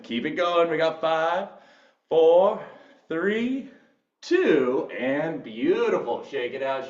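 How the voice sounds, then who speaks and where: A man's voice: a little high, a little hiss or hum. Upbeat male fitness instructor, echoey room. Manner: upbeat, encouraging, counts down reps. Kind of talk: live workout class cueing. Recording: roomy echo, distant mic, dull sound.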